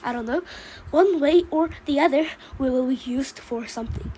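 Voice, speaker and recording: A worrying father pine tree, always expecting the worst, read in a high, light voice. A woman voices him simply, as in a storybook read aloud, with a faint hiss behind. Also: normal speed, mellow, lightly acted, low-quality recording. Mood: gloomy. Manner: reads the role labels aloud between lines. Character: gloomy father pine tree, male, worrier.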